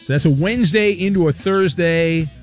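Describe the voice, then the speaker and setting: Man, radio host, high-pitched, jokey, brisk, light music bed. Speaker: radio sports talk host. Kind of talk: casual radio show hosting.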